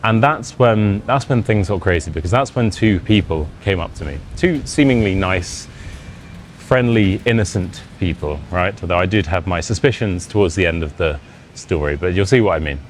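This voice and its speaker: A man's voice: sits low, expressive, normal speed, a little hiss or hum. A young British man with a Modern RP accent, an English teacher casually telling a self-deprecating personal anecdote. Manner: chatty, self-deprecating, acts out quoted dialogue.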